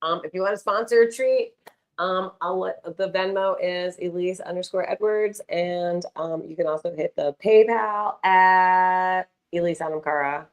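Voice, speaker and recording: A woman's voice: lowish voice, measured pace, clear, resonant tone. A young woman live-streaming from home, chatting casually and playfully, often slipping into baby talk for her cats.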